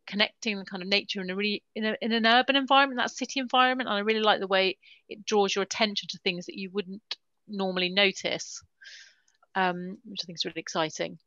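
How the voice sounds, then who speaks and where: A woman's voice: mid-range voice, sharp tone, no echo, lo-fi sound. A woman hosting an online webinar, chatty and relaying audience questions with plenty of ums. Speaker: webinar host. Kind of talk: moderating a webinar Q&A. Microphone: video call.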